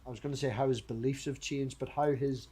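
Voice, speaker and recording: A man's voice: mid-range voice, steady tone, fast, mellow, breathy edge. A man hosting a livestream, chatting casually in a blunt, sweary way. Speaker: stream host.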